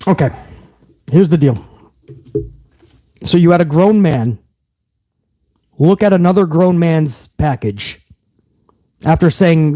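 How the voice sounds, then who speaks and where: A man's voice: fairly high pitch, animated, slow, long pauses, dark tone, no room sound. A man hosting a wrestling podcast, recapping the show in a heated, profane rant full of incredulous repeats. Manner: heated, swearing, incredulous, talks over himself with repeats.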